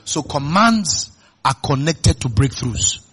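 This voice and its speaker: A male pastor with a Nigerian accent preaching a sermon. He keeps asking the congregation questions and swings between loud emphatic bursts and quiet, low asides. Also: sing-song, takes it slowly, breathy edge. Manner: call-and-response questions to the congregation.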